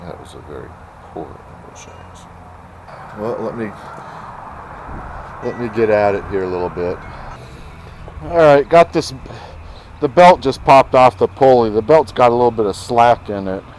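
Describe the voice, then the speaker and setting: A man talking casually to camera in a vlog, rambling and thinking aloud, often clearing his throat, moving between his workshop and yard. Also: medium pitch, animated, moderate pace, long pauses, a little mellow, slight background noise, poor audio. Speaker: vlogger.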